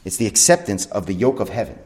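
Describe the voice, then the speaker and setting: Earnest low-voiced male pastor preaching. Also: very animated, darkish tone. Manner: earnest preaching with slow emphatic stresses and self-corrections. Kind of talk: sermon. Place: church sanctuary.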